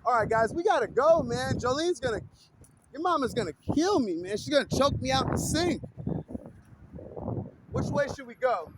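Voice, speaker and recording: A man with a notably high voice talks straight to camera in a loose, rambling monologue, swearing freely as he goes. He laughs often, and a faint hiss of noise sits under his voice. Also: lively intonation, normal speed, pauses often. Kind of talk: casual rambling vlog monologue.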